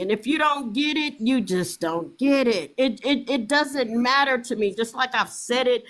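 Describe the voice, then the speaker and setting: Middle-aged woman, livestream host, slightly high voice, heated profane repetitive rant. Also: normal speed, hardly any pauses.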